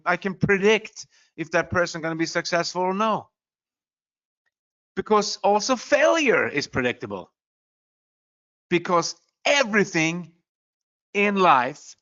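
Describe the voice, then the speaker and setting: Speaking earnestly, a male motivational speaker with a bright, high voice drives his points home and keeps slipping in "you know." The audio is a bit dull and lo-fi.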